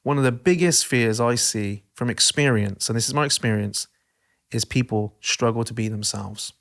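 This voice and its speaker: A man hosting a podcast in casual chat, talking in an animated, passionate way. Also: mid-range voice, normal speed, creaky. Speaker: podcast host.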